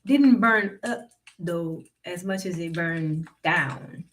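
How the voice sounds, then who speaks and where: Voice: mid-range voice, slow, a bit bright, recorded from a distance, a little hiss or hum. A narrator putting on a sly old farmhand. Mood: deadpan. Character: sly old male farmhand, calm and mocking.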